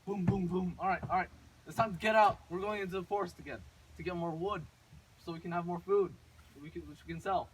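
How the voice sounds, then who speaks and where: A man's voice: sits high, fairly even intonation, fast talker, far from the mic, a little hiss or hum, natural voice, poor audio. A man voicing a bossy, scheming stepmother in his own casual voice, curt and ordering. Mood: scolding.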